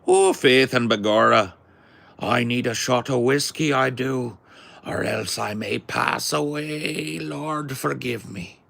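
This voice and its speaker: A man voicing a stereotypical boozy Irishman with a put-on Irish accent, talking high, loud and drawn out. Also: slow, creaky, heavily acted. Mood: pleading.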